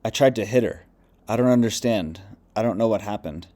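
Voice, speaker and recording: A man reading the quoted words of a depressed male spirit, lost and angry, in a low, quiet, subdued voice. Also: fairly quick, close to an everyday voice. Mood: resentful.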